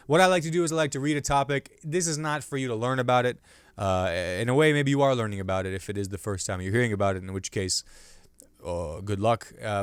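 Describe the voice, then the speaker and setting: A male comedian hosting his own podcast, riffing loosely on the news with self-mocking jokes and sudden loud bursts between hushed asides. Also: medium pitch, clean tone, no room sound. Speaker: podcast host and stand-up comedian.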